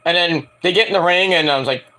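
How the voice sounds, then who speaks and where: A man's voice: fairly high pitch, fast, pushed and bright. A man in his forties reviewing a wrestling show in a casual solo vlog, rambling and joking with many digressions. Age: 40s.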